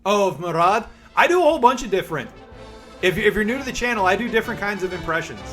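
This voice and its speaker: A man streaming live, chatting fast and casually with his viewers and reading their messages aloud. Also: high voice, animated, a bit bright. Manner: chatty, fast-talking, reads chat aloud. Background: background music.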